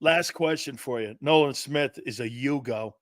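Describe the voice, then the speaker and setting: A man hosting a sports talk show, brash and profane, arguing loudly with his co-host. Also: medium pitch, moderate pace, no room sound.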